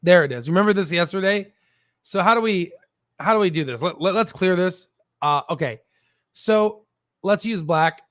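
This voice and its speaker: A man hosting a casual stock market livestream, animated and swearing, with stammering restarts. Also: high voice, moderate pace, no echo, studio quality.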